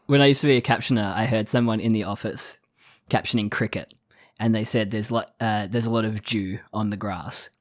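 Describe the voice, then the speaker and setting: A man's voice: fairly low pitch, fairly even intonation, a little fast, no room sound, studio quality. An Australian man co-hosting a podcast, chatting casually and laughing often as he tells stories. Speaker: podcast co-host. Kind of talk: casual chat.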